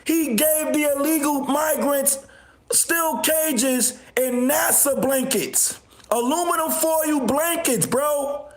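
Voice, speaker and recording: Mocking high-voiced man ranting on a livestream. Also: slow pace, reverberant. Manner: mocking, loud laughing outbursts, insults viewers. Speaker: livestream host.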